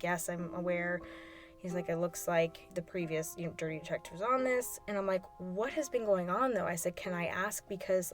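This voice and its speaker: A woman's voice: lowish voice, darkish tone. A woman hosting a podcast, telling a personal story in an emotional monologue and acting out her phone calls as quoted dialogue. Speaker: podcast host.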